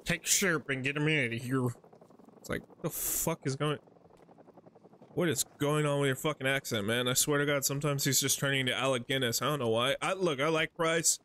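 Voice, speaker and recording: Bright, profane male gaming streamer. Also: medium pitch, fairly quick. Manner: profane, jokey running commentary. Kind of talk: casual gaming commentary.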